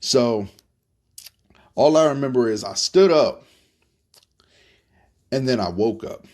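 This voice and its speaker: A young man from Florida telling a story in a relaxed, casual monologue, cursing freely and often repeating his words. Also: medium pitch, takes it slowly. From Tampa, Florida. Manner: laid-back, profane, repeats himself. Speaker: podcast host telling stories.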